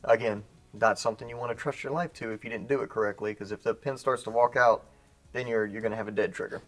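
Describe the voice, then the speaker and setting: A man's voice: lowish voice, steady tone, fast, fairly bright tone. A man co-hosting a casual gunsmithing how-to, explaining assembly in a jokey, self-mocking way. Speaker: gunsmithing co-host. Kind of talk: casual instructional banter.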